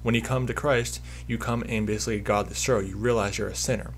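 A man's voice: lowish voice, steady tone, quick pace, gravelly, slight background noise. A man delivering a preachy religious commentary monologue, emphatic and repetitive as he hammers home his points.

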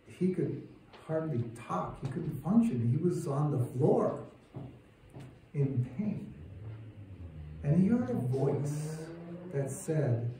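A man's voice: fairly high pitch, dark tone, a little hiss or hum. Male lay preacher, emphatic, rising fervor; mic far off in a reverberant sanctuary. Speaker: church speaker. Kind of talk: sermon. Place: church sanctuary. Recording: echoey church room heard from a distance.

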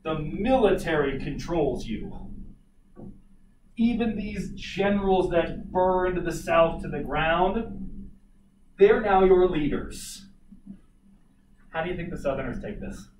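Animated history teacher in an echoey classroom. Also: male voice, fairly high pitch, slow pace, pauses often. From Colorado. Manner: animated, jokey asides to students. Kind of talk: classroom lecture with storytelling. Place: classroom, recorded from afar. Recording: echoey room, distant mic, noisy.

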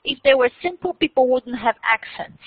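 The university lecturer, her voice sitting high and her pace moderate, speaks to students animatedly and casually, frequently restarting and quizzing the class. The audio has no echo but sounds narrow and tinny.

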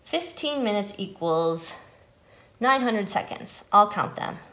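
A woman's voice: mid-range voice, expressive, slow pace, pushed and bright. A woman voicing an eager iguana helper who grumbles and glares when things go wrong.

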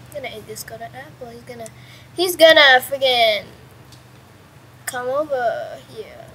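A young woman casually commentating her own game at home, chatty and excitable, with sudden yelps and mild swearing. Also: a little high, normal speed, background noise. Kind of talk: casual let's-play commentary. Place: at home with a pet dog nearby.

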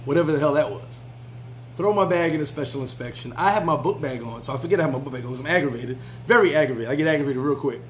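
Male travel vlogger, casual storyteller, slightly high voice, faint hum behind. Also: very fast, poor audio. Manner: laid-back, chatty, frequent fillers and restarts.

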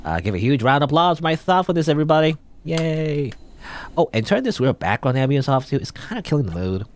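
A man's voice: on the high side, big pitch swings, fast talker, slight background noise. A man voicing a smug, chatty male guardian angel in a game, breezy and teasing. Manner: breezy, teasing, self-satisfied.

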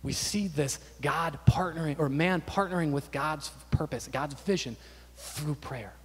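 Male pastor, sermon delivery, emphatic and repetitive, high pitch, church reverb. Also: unhurried, slightly rough. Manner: preaching with rising intensity, repetitive and emphatic.

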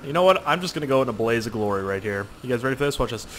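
A young man giving let's play commentary, excitable and profane, yelling at the game. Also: mid-range voice, fast talker, a little hiss or hum. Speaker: gaming youtuber.

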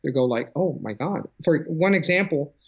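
A man with a slightly high voice explains his ideas in a thoughtful interview, often restarting mid-sentence and reaching for examples. He works as a language coach. His voice comes through a dull, lo-fi video call. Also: lively intonation, normal speed, creaky, husky. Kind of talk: conversational interview.

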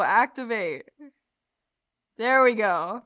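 A young woman hosts a casual livestream, laughing and flustered while she swears her way through technical trouble. Her voice is a bit high and a bit bright, at a moderate pace. The stream audio is lo-fi.

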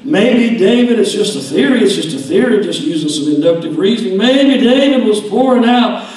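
A middle-aged man preaching a folksy, joking sermon, his voice sitting fairly high. He swings from soft asides to loud, shouted lines. The sound comes from well back from the mic, with heavy echo filling the large hall around him. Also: lively intonation, normal speed. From Alabama. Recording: echoey church hall from far off.

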